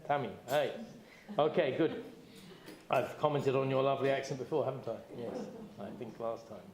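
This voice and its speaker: A man's voice: mid-range voice, fairly even intonation, moderate pace, gravelly. A man leading a group seder, chatty and encouraging, with light jokes as he guides the room through it. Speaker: seder leader. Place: community hall or synagogue. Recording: echoey room.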